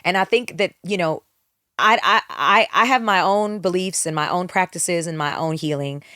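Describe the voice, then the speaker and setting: A woman's voice: on the low side, normal speed, sharp tone, dry recording. Candid woman telling her story, dry mic. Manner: candid, reflective storytelling with many restarts. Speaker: guest singer. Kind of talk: podcast interview.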